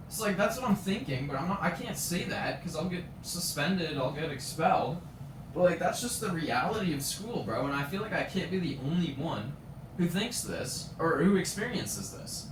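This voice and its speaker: Late-teens male streamer, indignant profane rant; a bit high-pitched, recorded from a distance with faint background noise. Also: very animated, normal speed. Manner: indignant, profane, storytelling with acted quotes. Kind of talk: ranting live stream monologue. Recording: roomy, from a distance, faint ambience.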